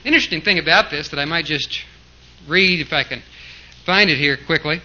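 A man's voice: fairly high pitch, normal speed, sharp tone. A man preaching a sermon, explaining scripture in an emphatic teaching manner with rhetorical questions. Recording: dull lo-fi recording.

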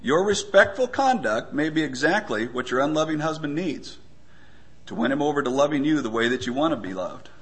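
A man giving a conversational sermon, often pausing with fillers and stumbling for words. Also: a little high, big pitch swings. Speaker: preacher.

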